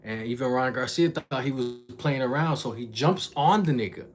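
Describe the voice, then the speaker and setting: Using a mid-range voice at a moderate pace, a young man tells a story on a livestream in casual, profane slang. The reaction vlogger acts out the voices of the people in it.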